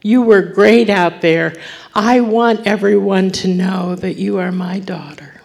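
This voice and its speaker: A woman voicing a gentle, proud heavenly father in a reverent whisper. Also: deep voice, fairly even intonation, extremely slow, creaky, heavily acted. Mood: tender.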